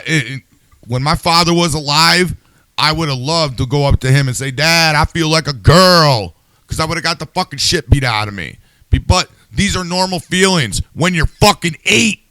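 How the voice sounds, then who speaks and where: A man's voice: a little high, animated, moderate pace, sharp tone, dry recording. Fired-up swearing man ranting. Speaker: podcast host. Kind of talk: heated casual chat.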